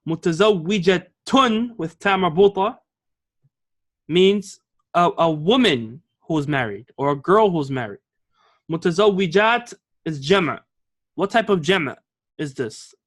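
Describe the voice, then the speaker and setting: A man's voice: sits high, animated. A man teaching an Arabic grammar lesson, explaining patiently and often checking with the class. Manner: reads example lines slowly and clearly.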